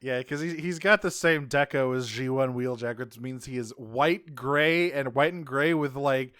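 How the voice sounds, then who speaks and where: A man's voice: mid-range voice, normal speed, fairly bright tone, clean tone, dry recording, studio quality. A man co-hosting a podcast, talking casually, swearing freely and laughing often. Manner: profane and laughing. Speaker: podcast co-host. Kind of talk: casual chat.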